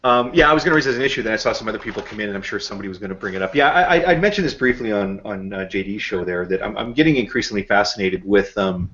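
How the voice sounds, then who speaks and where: A low-voiced Canadian man hosting a casual group video chat over a dull, lo-fi call connection. He rambles, swears freely and laughs at his own jokes. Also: lively intonation, rapid-fire, hardly any pauses, a bit bright, slight background noise. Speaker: host. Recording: dull lo-fi online call audio.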